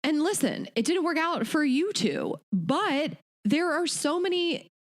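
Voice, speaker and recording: A woman in her thirties co-hosts a podcast in a high voice with wide pitch swings and a measured pace. The talk is casual and chatty, packed with fillers and restarts.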